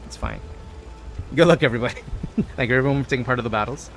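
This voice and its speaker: Playful male streamer chatting through a game, mid-range voice, faint music behind. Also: mid-range voice. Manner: playful, joking, rambling with quick tangents. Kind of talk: casual live-stream chat while gaming.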